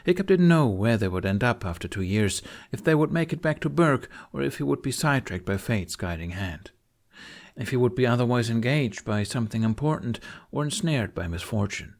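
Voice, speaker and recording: A man narrating a fan audiobook chapter in a measured storytelling manner. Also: medium pitch, animated.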